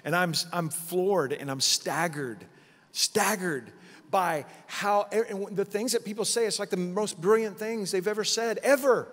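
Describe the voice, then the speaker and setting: A middle-aged man preaching at a conference, telling a vision story with lively acted-out quotes. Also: high-pitched, moderate pace. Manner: animated storytelling, acting out quotes. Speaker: pastor. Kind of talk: conference sermon testimony. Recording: long hall reverb.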